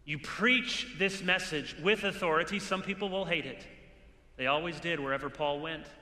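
A man's voice: fairly high pitch, normal speed, pushed and bright. A man preaching an earnest, exhorting conference sermon with touches of dry humor, recorded in a large hall with an audience. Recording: echoey hall with long reverb.

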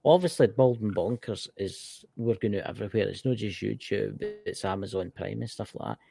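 Gravelly scottish man chatting. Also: on the low side, a little fast, mellow. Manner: rambling, swearing, banter. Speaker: podcast co-host. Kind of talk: casual chat.

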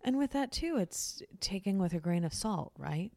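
A woman with a mellow, mid-range voice and vocal fry talks animatedly at normal speed in a candid conversation. She's frank and swears freely, acting out what other people say, on a dry recording.

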